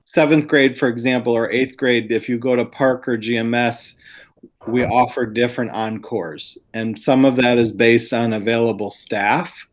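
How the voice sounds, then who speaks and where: A man's voice: mid-range voice, fairly even intonation, moderate pace. A man who works as a school district administrator, explaining plans to a planning group in an earnest, explanatory way over a video call.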